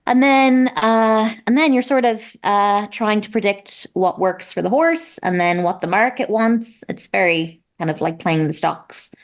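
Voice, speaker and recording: A woman's voice: mid-range voice, measured pace, hardly any pauses. An Irish woman, a guest athlete, chatting casually in an interview with lots of fillers. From Ireland. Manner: chatty, self-deprecating, many fillers.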